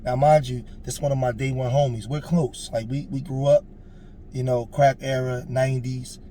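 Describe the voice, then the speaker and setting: A man's voice: medium pitch, flat delivery, moderate pace, dark tone, slight background noise. A man in his forties telling a personal story in a casual, earnest way, with emphatic, preachy asides. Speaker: storyteller on a street interview show.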